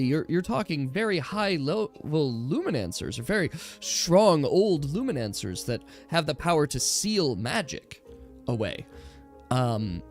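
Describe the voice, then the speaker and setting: Slow, lively-voiced tabletop game master. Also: medium pitch. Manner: slow, drawn-out descriptive narration with hushed stretches.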